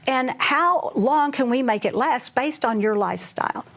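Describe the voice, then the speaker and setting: A woman's voice: high voice, normal speed. A middle-aged woman, a financial advisor, chatting casually and acting out conversations with clients. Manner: animated storyteller, acts out client dialogue. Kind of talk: casual chat.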